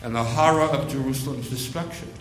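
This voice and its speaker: A man preaching a sermon, slow and emphatic, repeating phrases for weight. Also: medium pitch, roomy sound, a little hiss or hum, rough recording.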